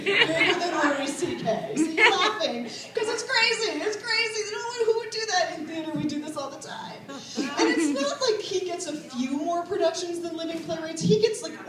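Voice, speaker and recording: High-voiced woman doing stand-up in an echoey room. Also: distant mic. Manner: sardonic, rising to mock outrage. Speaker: stand-up comedian. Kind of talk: stand-up routine. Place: comedy stage before a laughing crowd. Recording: echoey live room mic, audience laughter.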